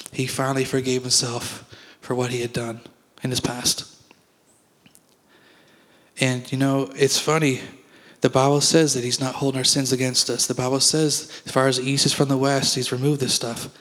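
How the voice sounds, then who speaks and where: A man's voice: medium pitch, long reverb tail, rough recording. A male pastor preaching a sermon in a conversational, storytelling way, acting out his own dialogue as he goes.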